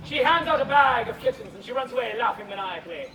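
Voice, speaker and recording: Man, very high voice, loud theatrical street performer, outdoor crowd and traffic noise. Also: quick pace, few pauses. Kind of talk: interactive comic storytelling with audience. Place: outdoor festival stage. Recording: echoey, distant, with crowd noise.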